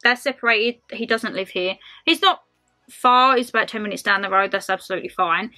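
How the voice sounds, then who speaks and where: A woman's voice: medium pitch, fairly quick, pushed and bright, faint music behind. A woman in her twenties doing a casual, rambling Q&A vlog to camera, calling her viewers her lovelies. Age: 20s. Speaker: lifestyle vlogger.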